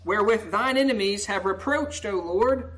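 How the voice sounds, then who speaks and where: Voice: mid-range voice, moderate pace, a bit bright. A preacher reading a psalm in old-fashioned wording and explaining it in plain talk, often asking "right?" and rising to a pleading tone when voicing the lament. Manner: often asks the listeners "right?". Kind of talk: sermon.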